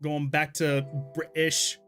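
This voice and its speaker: A man's voice: a little high, flat delivery, slow, fairly bright tone, clean tone, faint music behind. A young man from Texas streaming a game, chatting casually with his chat, laughing often and exclaiming in disbelief. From Texas, USA. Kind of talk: casual live-stream commentary while gaming and reading chat.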